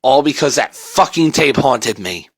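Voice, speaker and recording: Brief: male horror narrator, slow and drawn out, lively swings in pitch, casual and profane. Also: husky. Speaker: storyteller. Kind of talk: first-person creepypasta narration.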